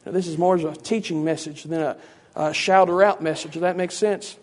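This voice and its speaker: A man's voice: a little high, fairly even intonation, a little fast. A man preacher giving a teaching sermon in a conversational way, with many rhetorical questions.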